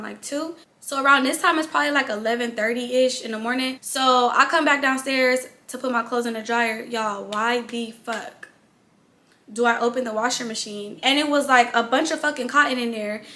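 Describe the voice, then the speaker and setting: A young woman telling a casual storytime vlog, blunt and profane, with animated delivery. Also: a little high. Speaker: vlogger.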